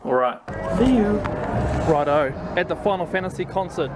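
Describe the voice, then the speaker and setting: A man's voice: on the high side, a little fast, over loud music. Rambling New Zealand man vlogging. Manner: relaxed and rambling, with many ums. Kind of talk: casual handheld vlog. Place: outdoors, then a busy theatre. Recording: loud background noise.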